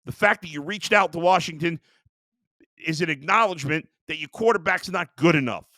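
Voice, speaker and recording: A man's voice: a little high, a little fast, sharp tone, no echo, clean studio sound. A man hosting a sports show, ranting in a heated, exasperated way about his team. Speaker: sports talk host. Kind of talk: sports rant.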